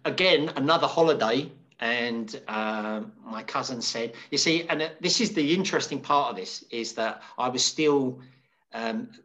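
A middle-aged man recounting his past in a loose, rambling way, full of restarts and fillers. He bursts into higher, louder voices whenever he quotes someone, then drops back to his ordinary middling tone. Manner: animated, acts out quoted voices with sudden high pitch. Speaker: hairdresser, interview guest. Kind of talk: casual storytelling.

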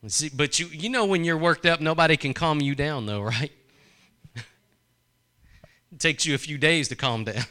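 A man's voice: on the high side, normal speed, pauses often, bright, forceful tone. A man preaching a sermon in a conversational way, asking the congregation questions and acting out quoted voices.

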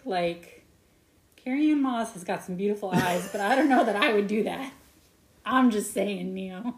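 A woman co-hosting a podcast, retelling a movie in casual, profane chat full of tangents and quick mock voices. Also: mid-range voice, roomy sound. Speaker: podcast co-host.

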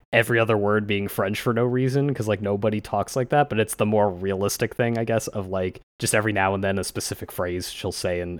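A man co-hosting a relaxed podcast, talking in a fairly low voice. He rambles and laughs a lot, and he acts out quotes in a raised voice. The sound is dry and close, with no room echo. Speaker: podcast co-host. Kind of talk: casual anime podcast chat.

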